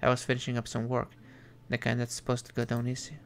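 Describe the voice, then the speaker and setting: A man voicing a crude male devil on a train, low and gravelly, talking slowly. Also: monotone, faint music behind, close to an everyday voice. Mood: drawling. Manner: slow, crude, drawling.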